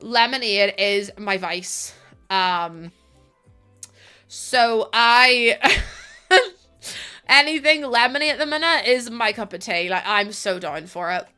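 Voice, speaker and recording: A woman's voice: mid-range voice, animated, normal speed, pushed and bright, clean tone, soft background music. A woman streamer chatting casually with her live chat while gaming, bubbly and giggly, rambling from one thought to the next.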